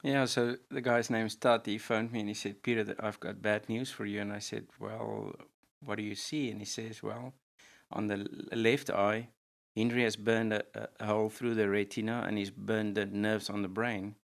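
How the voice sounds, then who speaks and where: A middle-aged man recounting a family testimony in a church interview, in a steady, matter-of-fact way. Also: fairly low pitch, normal speed, gravelly. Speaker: guest sharing a testimony. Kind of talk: storytelling testimony.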